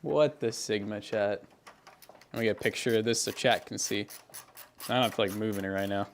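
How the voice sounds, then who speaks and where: A man's voice: on the low side, normal speed, a little hiss or hum. A young man hosting a livestream, chatting casually with viewers and a co-host while building a computer. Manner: relaxed, rambling, answers chat while working.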